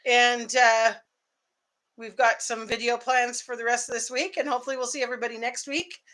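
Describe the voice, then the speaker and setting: A woman's voice: a little high, steady tone, a little fast, fairly bright tone. A woman co-hosting a late-night homestead livestream from home, talking in a friendly, practical way. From Canada. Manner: friendly, practical, wraps up with thanks. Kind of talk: casual late-night live chat.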